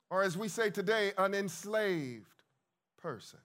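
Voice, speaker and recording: A man preaching a lively sermon, emphatic and calling out to his congregation. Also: sits high, a little slow. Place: church hall with congregation.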